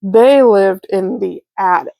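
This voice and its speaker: A woman reading a children's picture book aloud, slow, clear and expressive. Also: mid-range voice, no echo. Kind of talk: storybook read-aloud.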